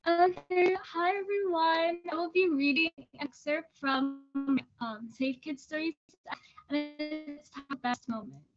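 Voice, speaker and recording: A teenage girl with a high, light voice reads her personal essay aloud in an earnest, steady way, sometimes restarting a phrase. The recording sounds dull and lo-fi. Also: a little slow, over music. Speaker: student reader.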